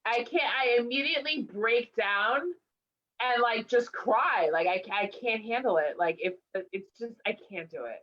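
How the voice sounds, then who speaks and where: A woman hosts a casual comedy interview, rambling with plenty of fillers and playful exaggeration. Her voice sits a little high. The audio is dull and lo-fi. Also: normal speed. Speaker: talk show host.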